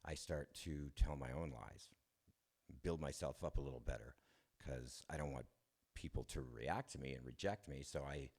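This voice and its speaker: A man's voice: rumbling low, darkish tone, husky. A man giving a candid, self-deprecating personal testimony, chuckling often and restarting his sentences. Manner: halting restarts. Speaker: speaker sharing his recovery story.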